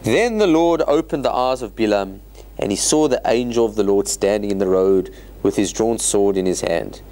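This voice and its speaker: Man, rabbi, informal scripture lecture, animated, humorous asides, very expressive pitch. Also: normal speed. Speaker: rabbi teaching Torah study.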